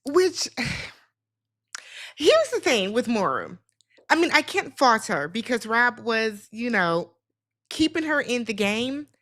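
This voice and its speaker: A woman's voice: a little high, big pitch swings, slow, a bit bright. A woman guest in a casual live recap chat, voicing exasperated, emphatic opinions. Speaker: co-host guest.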